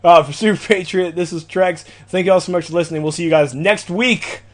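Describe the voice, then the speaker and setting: A man's voice: sits high, a little fast, slight background noise. A man hosting a podcast in casual chat, playful and laughing often. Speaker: podcast host.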